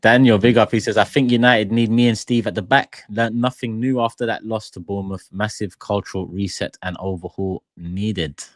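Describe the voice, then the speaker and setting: A man's voice: fairly low pitch, fairly even intonation, normal speed, hardly any pauses, no echo, clean studio sound. A man with a British accent hosting a casual football chat show, reading out viewer comments. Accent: British English. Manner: reads viewer comments aloud. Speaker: host.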